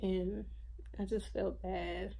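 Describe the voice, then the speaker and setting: Her voice is medium-pitched, dark, and creaky, moving little in pitch as she talks slowly. The vlogger sounds drained as she wanders through a filler-packed personal story, filmed indoors at home.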